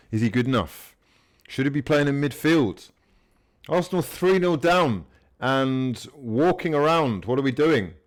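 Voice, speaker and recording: A man hosts a live fan watchalong, talking over the game in a voice of middling pitch. He grumbles and mutters between plays, then erupts into swearing and shouts at the players. Apologies for the outbursts follow in a lower tone. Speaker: fan channel host.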